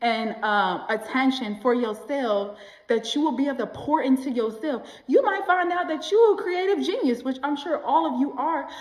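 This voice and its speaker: A woman giving casual motivational talk to camera, animated and slangy, often acting out the voices of people she quotes. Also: high voice, normal speed, roomy sound, poor audio. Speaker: self-help vlogger.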